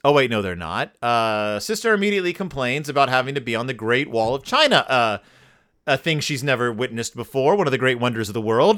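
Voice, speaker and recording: A man's voice: medium pitch, lively intonation, brisk, a bit bright. A man hosting a podcast and giving a comedic, sarcastic review of a picture book, with wry rambling asides. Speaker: podcast host.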